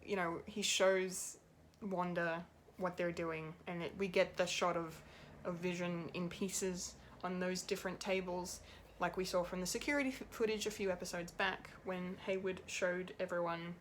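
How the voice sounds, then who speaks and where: A woman's voice: on the low side, steady tone, moderate pace, hardly any pauses, slight background noise. A woman giving an unscripted, rambling and emotional review of a TV episode, laughing often and swearing now and then. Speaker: pop culture reviewer.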